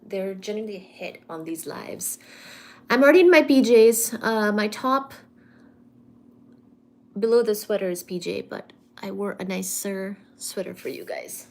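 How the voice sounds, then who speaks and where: Woman streamer chatting w her viewers, slow unhurried talk, very crisp clear diction. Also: medium pitch, expressive. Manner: reads viewer comments aloud and teases back; careful, clearly articulated delivery. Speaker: livestream host. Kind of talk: casual live-stream chat.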